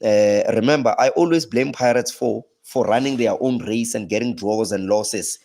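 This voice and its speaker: South African man, casual pundit guest, leaps up in pitch when excited. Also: moderate pace, vocal fry. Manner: animated, pitch jumps high when laughing or exclaiming, frequent restarts. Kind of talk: casual chat.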